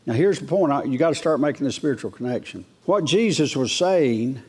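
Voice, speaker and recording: A man delivers a folksy verse-by-verse sermon at a mid-range pitch. His voice climbs higher whenever he reads scripture aloud, and he keeps checking in with the congregation through questions. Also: lively intonation, normal speed, hardly any pauses, a little mellow. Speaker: preacher.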